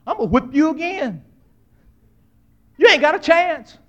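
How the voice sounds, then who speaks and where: A stern mother threatens her crying son in a sharp, scolding tone, as a preacher acts her out in his sermon. The voice sits high and bossy. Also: lively intonation, measured pace, lo-fi sound, heavily acted.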